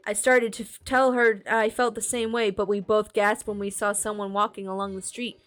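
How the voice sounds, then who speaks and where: A woman's voice: mid-range voice, level tone, normal speed, hardly any pauses, soft background music. A woman streamer reading a storybook aloud, chatting with viewers and fixing small slips as she goes. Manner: chatty asides to chat, reads with small self-corrections.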